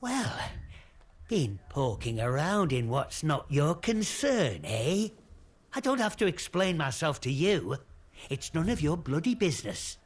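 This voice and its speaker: Husky English villager for a game, cagey and prying, slow with a lilting swing. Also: male voice, on the high side, sing-song, heavily acted. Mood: defensive. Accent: British English. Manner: defiant, prying, rambling. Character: suspicious middle-aged male English villager, cagey. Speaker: game character.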